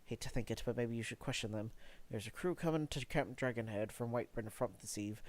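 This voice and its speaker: A man playing a gruff, blunt dock foreman. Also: medium pitch, brisk, lightly acted. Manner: blunt, folksy speech.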